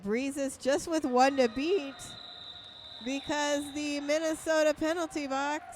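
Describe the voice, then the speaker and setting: A woman's voice: high-pitched, fairly even intonation, slow pace, a little hiss or hum. A woman announcing a roller derby bout live, giving play-by-play with playful, jokey banter between calls.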